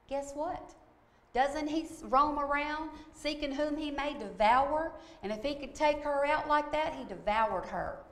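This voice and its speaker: A woman's voice: high voice, animated, unhurried. Emphatic woman preaching, echoey room. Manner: emphatic, repeats "okay?" for emphasis. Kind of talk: sermon-style storytelling.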